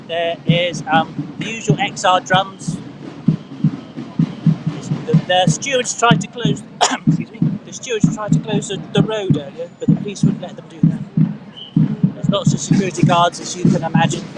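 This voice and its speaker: A man's voice: high voice, very animated, moderate pace, gravelly, low-quality recording. A man giving casual, hesitant commentary at an outdoor protest for a livestream. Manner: hesitant, with fillers and restarts. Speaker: livestream reporter. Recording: loud music over the voice.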